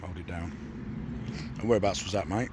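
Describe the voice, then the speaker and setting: A man with a croaky voice, chatting and bantering as he commentates a fishing session outdoors. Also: sits low, a little fast, background noise. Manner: banters and asks questions. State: croaky after losing his voice to a cough. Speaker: angler and channel host. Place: lakeside outdoors.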